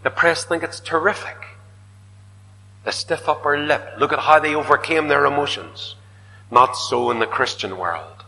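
A man preaching a sermon, swinging dramatically from loud declaiming to hushed whispers. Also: a little high, moderate pace, gravelly, a little hiss or hum. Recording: reverberant hall.

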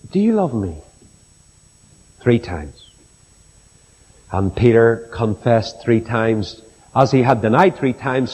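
A man's voice: mid-range voice, darkish tone. A man preaching a sermon in a church hall, telling stories in a folksy, humorous way. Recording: long hall reverb.

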